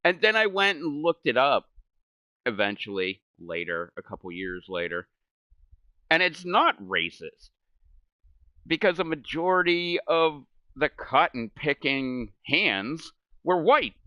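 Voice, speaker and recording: This middle-aged American gaming streamer has a voice on the high side, sharp and very animated yet slow-paced. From his home setup he rambles through casual chat, swearing and laughing at his own stories, in a dry recording lacking high frequencies.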